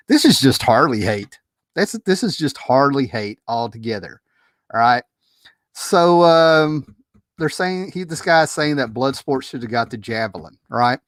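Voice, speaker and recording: A man in the middle of his usual pitch delivers casual reaction commentary on a film. He rambles in an animated, exasperated way, restarting sentences and laughing to himself. His voice is close to the mic and completely dry. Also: measured pace, no echo. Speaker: movie commentary video host.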